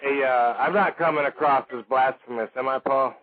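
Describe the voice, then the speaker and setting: A man's voice: medium pitch, moderate pace. A male talk-radio host with a mid-range voice who jokes constantly and swears with ease. The sound is thin and phone-like, as if heard over an old radio broadcast. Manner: joking, swears freely. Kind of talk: loose, profane radio talk. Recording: tinny phone-like radio audio.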